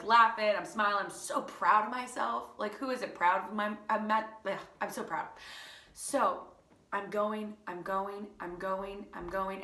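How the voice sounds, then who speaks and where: Bright-voiced woman telling a story. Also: medium pitch, reverberant. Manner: animated, lots of fillers, laughing through the tale. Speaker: teacher and channel host. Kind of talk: casual personal storytelling.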